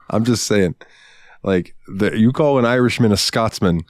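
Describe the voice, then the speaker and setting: A man's voice: on the low side, slow, no room sound, clean studio sound. A man co-hosting a podcast, chatting casually with crude jokes and frequent swearing. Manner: crude, joking, swears a lot. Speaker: podcast co-host. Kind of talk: casual chat.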